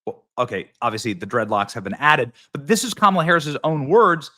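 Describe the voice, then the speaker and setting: A man's voice: medium pitch, very animated, fairly quick, pushed and bright. A man hosting a political commentary show, talking in a mocking, punchy, sarcastic way.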